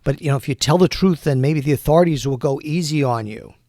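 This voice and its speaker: A man voicing a charismatic, broad-shouldered caped hero who speaks calmly and persuasively. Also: on the high side, fast talker, dry recording, studio quality, lightly acted.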